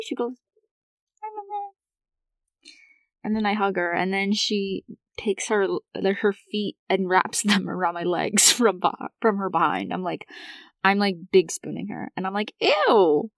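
A young woman hosting her podcast in a relaxed personal monologue. Her voice sits mid-range, recorded dry and close. She rambles chattily with frequent laughs and fillers. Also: mid-range voice, no echo. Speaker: podcast host.

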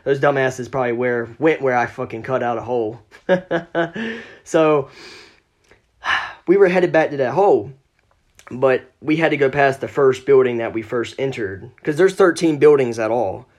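A man's voice: mid-range voice, moderate pace. Man, podcast guest, casual storytelling, profane, mid-range voice, acts out quotes.

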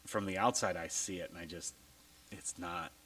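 Deep-voiced blunt man, casual podcast host. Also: moderate pace, a bit bright, slight background noise, poor audio. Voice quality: low voice. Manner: blunt, swears freely.

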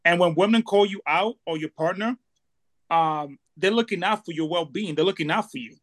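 A man's voice: high voice, moderate pace, fairly bright tone. A man co-hosting a podcast, talking casually in an emphatic, slangy way. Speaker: podcast co-host.

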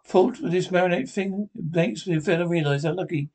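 Jittery middle-aged husband, earnest, fairly high voice, 1950s radio play acting. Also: male voice, fairly quick, a little mellow. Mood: relieved. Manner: earnest, rattled.

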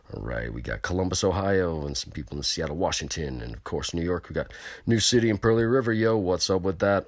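A man's voice: sits low, dry recording, studio quality. A man hosting a casual chat show from California, rambling, boastful and crude as he talks to his listeners. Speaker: show host. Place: on location.

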